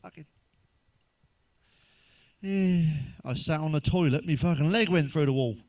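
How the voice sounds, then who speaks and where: A man's voice: on the high side, measured pace, a little mellow. A man delivering a crude stand-up monologue, swearing freely and talking straight to the listener. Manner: swearing, chatty, addresses listener directly. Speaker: stand-up comedian.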